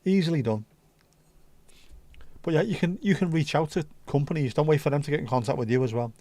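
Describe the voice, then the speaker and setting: Scouse male streamer, warm low-key tone, dry close sound, rambling casual chat. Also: a little fast, no echo. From Liverpool, England. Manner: chatty, rambling, swears freely. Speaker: livestream host.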